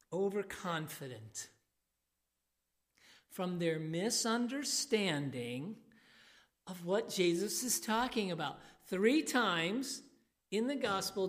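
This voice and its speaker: Speaking into a handheld mic during a church sermon, this woman talks in a medium pitch, slowly and with emphasis. She becomes animated whenever she takes on the voices of figures from the passage.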